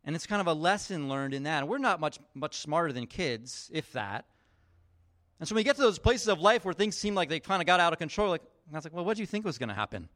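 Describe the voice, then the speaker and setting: This pastor's voice is a little high and a bit bright, animated and quick. His sermon is casual and chatty, full of stories in which he performs the characters' voices, with plenty of "like" and "you know."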